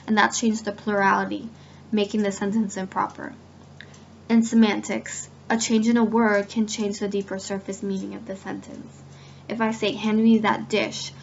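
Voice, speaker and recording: A woman student reads a grammar presentation for class, giving spoken examples as she goes. Her medium-pitched delivery is steady, with slight background noise in a dull lo-fi recording.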